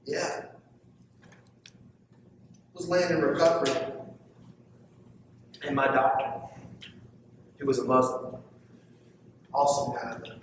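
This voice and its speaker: A man preaching a sermon as pastor, swinging from loud emphatic lines to hushed asides. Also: a little high, slight background noise. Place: church sanctuary. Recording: echoey church heard from far off.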